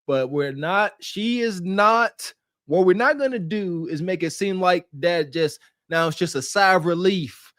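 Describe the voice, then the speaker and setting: A male podcast co-host delivers preachy, scolding commentary, sighing and laughing as he lectures. His voice sits fairly high for a man. The sound is close and dry, with no room echo. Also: measured pace, a bit bright.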